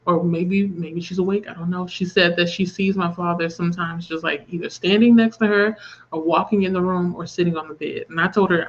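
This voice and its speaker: A woman's voice: on the low side, steady tone, brisk, lo-fi sound. Candid woman in her thirties on a stream. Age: 30s. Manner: candid, talking through grief and reading viewer comments aloud. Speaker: livestream host. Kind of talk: casual livestream chat.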